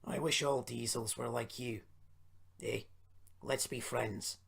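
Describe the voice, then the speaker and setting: A man voicing a cheeky, swaggering male engine in a storybook reading, in a lower, altered voice. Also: fairly even intonation, slow pace, gravelly, a bit bright, breathy edge, heavily acted. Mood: sheepish. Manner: cocky, swaggering. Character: cheeky, rude little male diesel-hating engine.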